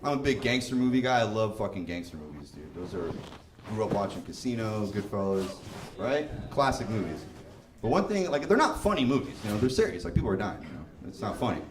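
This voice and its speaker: A man's voice: on the low side, very animated, brisk. A young man doing a stand-up comedy set, casual and profane, laughing through his bits. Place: live comedy venue. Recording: roomy live venue with noise.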